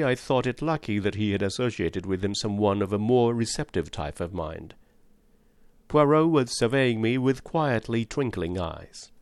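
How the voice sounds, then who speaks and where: A man narrating an audiobook in the first person with expressive, scripted storytelling. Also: lowish voice, no room sound.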